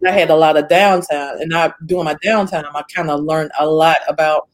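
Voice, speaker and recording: A woman's voice: low voice, fairly even intonation, brisk. A woman hosting her own interview show, asking earnest, encouraging questions. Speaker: host and founder of the show. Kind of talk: interview host.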